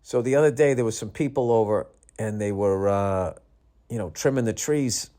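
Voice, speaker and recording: A man's voice: lowish voice, normal speed. A middle-aged man hosting a podcast, telling rambling comic stories in a tired, profane, casual way, now and then imitating voices. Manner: profane, rambling, animated storytelling with mimicked voices. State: tired, yawning. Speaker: podcast host. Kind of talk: casual comedic monologue.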